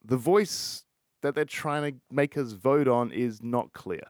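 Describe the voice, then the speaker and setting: A man's voice: mid-range voice, takes it slowly, no room sound, clean studio sound. A man hosting a solo podcast, talking in a frustrated, rambling way and swearing a lot. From Australia. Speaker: podcast host. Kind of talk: casual solo podcast rant.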